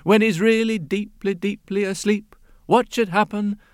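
A man telling a folk tale in a lively, expressive way, often repeating phrases. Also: high-pitched, a little slow, clean tone, no echo, studio quality. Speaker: storyteller. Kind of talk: oral storytelling. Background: soft guitar.

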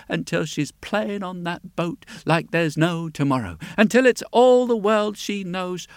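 A man telling a folk tale aloud in a lilting, unhurried way, with asides to the listener. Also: high-pitched, dry recording, studio quality. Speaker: storyteller. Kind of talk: oral storytelling. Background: soft guitar.

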